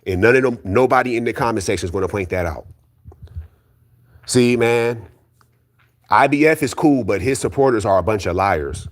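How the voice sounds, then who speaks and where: A man's voice: medium pitch, normal speed, long pauses. A man delivering a heated solo rant about boxing, blunt and profane, repeating his points insistently against his critics. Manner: profane, blunt, repetitive, argumentative; keeps calling out critics, insistent. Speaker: boxing commentary YouTuber.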